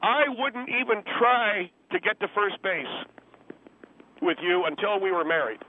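A man's voice: sits high, measured pace, voice pushed up. A man voicing an indignant, self-pitying divorced conservative man who is whiny and preachy, heard over a phone line. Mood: pleading. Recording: tinny phone line, faint hiss.

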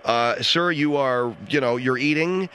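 A man hosting a radio call-in show, quick, theatrical and amused, on a studio microphone. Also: medium pitch, a bit bright, smooth. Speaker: radio talk show host.

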